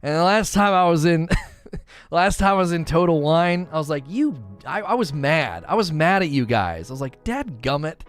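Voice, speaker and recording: A man's voice: a little high, normal speed, soft background music. A man hosting a livestream, chatting casually and animatedly to his viewers. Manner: animated, talks straight to chat viewers. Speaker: livestream host.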